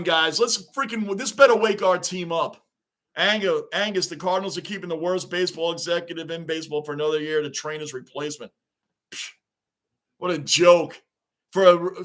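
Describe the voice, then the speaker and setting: A high-pitched man talks casually through a live baseball stream. He chats with his viewers and reads their comments out loud. He sounds like a frustrated fan watching his team. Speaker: live stream reaction host.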